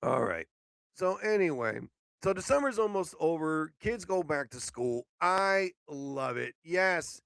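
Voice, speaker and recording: A man hosting a casual live stream show, sleepy and yawning, rambling with loud outbursts and swearing. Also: fairly high pitch, animated, measured pace, gravelly, clear, resonant tone, no echo.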